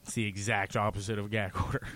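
A man's voice: lowish voice, flat delivery, quick pace, fairly bright tone, no room sound. A man bantering casually as a podcast co-host, teasing and cracking puns. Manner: teasing, punning jokester.

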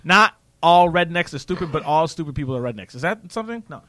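A man in casual political chat, animated and ranting, often mocking other people's voices. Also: a little high, quick pace, no echo.

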